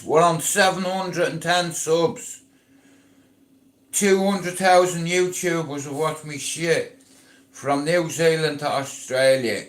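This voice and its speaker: A man's voice: on the high side, fairly bright tone, reverberant. A middle-aged Irish man talking casually on a live stream, blunt, boastful and full of swearing and slang.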